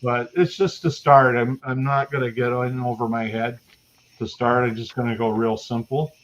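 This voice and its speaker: A man's voice: medium pitch, steady tone, normal speed, dull audio. A Canadian man chatting casually on a livestream podcast, rambling with many restarts. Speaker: podcast co-host. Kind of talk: casual chat.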